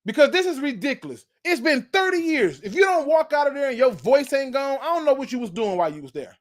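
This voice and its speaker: A man's voice: very high voice, big pitch swings, fast. A man hosting his own sports channel, delivering a fired-up fan rant that hammers the same points again and again. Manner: fired-up, preachy, repeats points.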